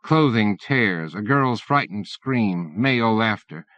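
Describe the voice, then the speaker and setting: A man reading an audiobook in measured scripted narration. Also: lowish voice, expressive, fairly bright tone, no echo. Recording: dull dry lo-fi cassette.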